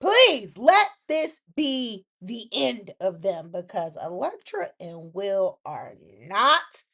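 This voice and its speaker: A woman hosting a casual recap vlog, chatty and opinionated, acting out quotes with sudden jumps in voice. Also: slow. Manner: chatty, animated, acts out characters' quotes in lively pitch jumps; opinionated asides to the viewer. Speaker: soap opera recap host.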